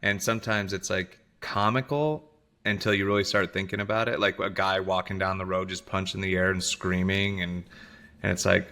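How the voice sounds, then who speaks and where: A man's voice: sits low, flat delivery, normal speed, bright, forceful tone. A man co-hosting a podcast, talking in a laid-back casual way and laughing often. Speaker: podcast co-host. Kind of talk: casual chat.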